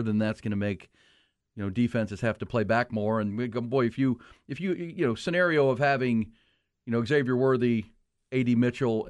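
A man hosting a casual sports talk show, conversational and lively when promoting segments. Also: mid-range voice, no echo. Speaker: sports radio host.

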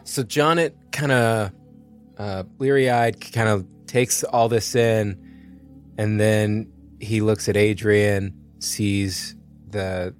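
A man's voice: lowish voice, steady tone, takes it slowly, faint music behind. A man playing a tabletop game who describes his character's actions in a hesitant, casual way. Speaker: player.

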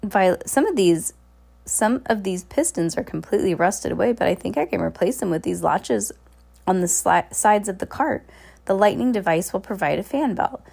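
A woman's voice: medium pitch, animated, normal speed, creaky, darkish tone, slightly rough. A woman reading as Violet, practical teen inventor girl. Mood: earnest. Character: resourceful eldest sister, teen girl inventor.

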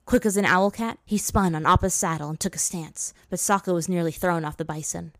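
A woman narrating a story aloud, lifting her pitch for the characters' lines. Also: brisk, fairly bright tone, no room sound, studio quality. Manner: voices characters with raised pitch. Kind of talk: reading fan fiction aloud.

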